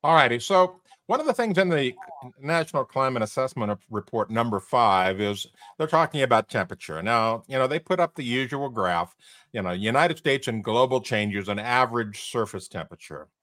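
A man's voice: mid-range voice, moderate pace, no echo. A man hosting a panel discussion, walking through charts and asking rhetorical questions. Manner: animated, fond of rhetorical questions. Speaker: show host.

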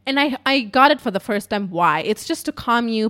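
A woman's voice: a little high, animated, normal speed, few pauses, a bit bright. A woman podcaster telling a personal story in casual, emotional speech, swearing often and filling with "like.". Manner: emotional, frequent swearing, lots of "like" fillers. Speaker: podcaster and YouTuber.

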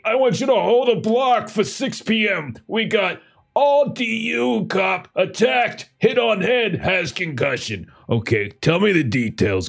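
A man doing a brash, sleazy magazine editor. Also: medium pitch. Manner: gruff, needling, mocking.

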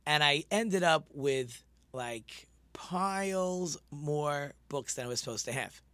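Male rabbi host, a bit high, dry, enthusiastic, rambling storyteller. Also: animated, slow, sharp tone, no echo. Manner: chatty, rambling anecdotal storytelling with fillers. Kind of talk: casual radio-style talk show.

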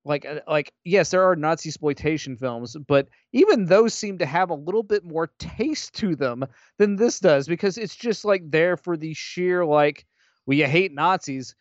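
A man's voice: on the high side, expressive, moderate pace, few pauses, no room sound. Male podcast co-host, blunt and filler-heavy, dull lo-fi dry mic. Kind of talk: casual movie-review chat.

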